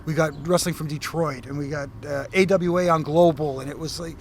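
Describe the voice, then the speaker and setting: A middle-aged Canadian man, a former referee, telling animated stories in a casual interview, with many fillers and restarts. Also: on the high side, fairly quick, slight background noise. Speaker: former wrestling referee, guest.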